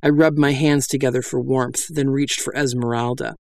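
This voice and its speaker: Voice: mid-range voice, fairly even intonation, moderate pace, darkish tone, no room sound. A reader narrating a comic fantasy tale in a dry, wry storytelling style. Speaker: audiobook narrator.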